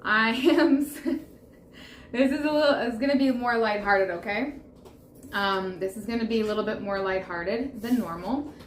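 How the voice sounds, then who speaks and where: A woman's voice: fairly high pitch, unhurried. A woman reading tarot to camera, speaking in a soothing, reassuring way and repeating affirmations. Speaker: tarot reader. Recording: roomy echo with faint background noise.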